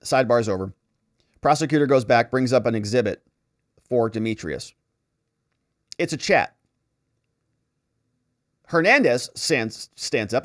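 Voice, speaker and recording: Male lawyer-commentator retelling courtroom action, expressive, dry and close. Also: medium pitch, measured pace, long pauses, no echo. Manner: animated storytelling, acting out the exchanges. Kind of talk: trial recap commentary.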